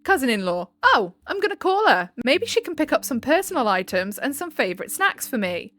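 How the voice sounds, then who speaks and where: A woman voicing a gentle, easygoing young female cousin-in-law in a casual, upbeat tone, in a storybook reading. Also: high voice, very animated, brisk.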